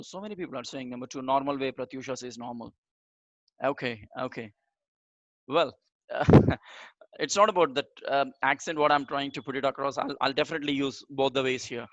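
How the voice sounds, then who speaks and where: An energetic man runs a live online communication class, speaking straight to his learners and repeating key phrases for emphasis. His voice sits at a middle pitch and sounds close and dry, with no room echo. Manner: energetic, motivational, talks straight to the audience. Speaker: communication trainer.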